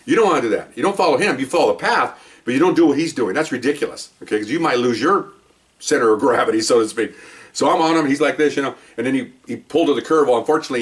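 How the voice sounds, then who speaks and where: A man's voice: medium pitch, distant mic. A man who is a police officer telling stories from the job in a casual monologue, emphatic and often tagging his points with "okay?". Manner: emphatic, keeps adding "okay?".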